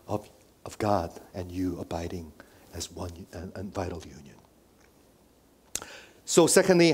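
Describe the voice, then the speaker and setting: Preacher who swings loud and hushed. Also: male voice, medium pitch. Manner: swings between loud emphatic lines and hushed whispered asides; repeats phrases, asks the congregation rhetorical questions. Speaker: pastor. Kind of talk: sermon.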